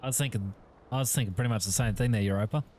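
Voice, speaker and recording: A man's voice: lowish voice, very fast, darkish tone, a little hiss or hum. A man streaming a video game as host, chatting casually and talking straight to his viewers. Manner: laid-back, chatty, addresses viewers directly. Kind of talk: casual gaming commentary to chat.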